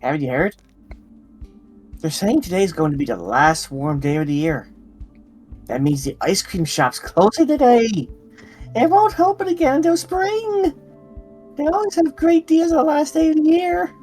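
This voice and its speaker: Streamer doing an excited gossipy person in a queue, bouncy pitch, game music faint. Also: moderate pace, pauses often, close to an everyday voice. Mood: eager. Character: eager townsperson waiting in line for ice cream.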